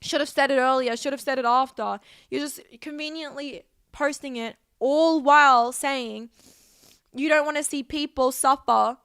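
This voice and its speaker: A young woman pours out a heated, profane, emotional vlog rant straight to camera. Her voice sits high and carries a gravelly fry. The sound is close and dry, with no room echo. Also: steady tone, moderate pace, fairly bright tone. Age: 20s.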